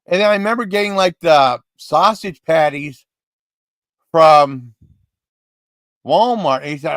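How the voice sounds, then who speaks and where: A man's voice: on the high side, takes it slowly, pauses often, fairly bright tone, no echo. Rambling man telling stories on a livestream. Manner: rambling, restarts often, gets worked up. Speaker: livestream host. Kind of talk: casual rambling storytelling.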